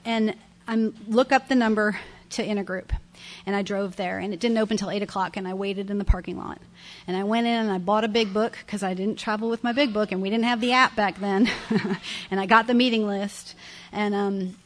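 A middle-aged woman tells her recovery story to a room full of listeners. Her talk is candid and conversational, circling back on phrases and breaking into soft laughs, at a middle pitch. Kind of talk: personal testimony at a recovery meeting. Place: meeting room with an audience.

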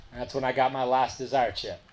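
A man's voice: medium pitch, steady tone, fast, a little mellow, slight background noise. A man telling his recovery story at a meeting in a candid, colloquial and emphatic way.

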